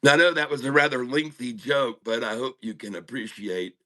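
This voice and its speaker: A man's voice: mid-range voice, fairly quick, bright, forceful tone. A middle-aged man hosting a day-trading livestream, rambling and chuckling as he tells a joke. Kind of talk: casual joke-telling.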